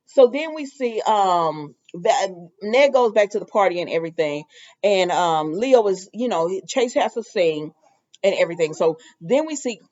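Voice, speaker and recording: A woman's voice: medium pitch, a little mellow, muffled recording. A woman casually recapping a soap opera episode, chatty and loose, with lots of fillers and asides.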